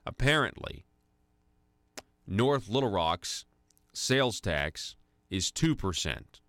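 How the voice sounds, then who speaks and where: A man's voice: deep voice, a bit bright, no echo. A man hosting a conservative talk radio show, delivering an indignant, sarcastic monologue full of restarts into a studio microphone. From United States.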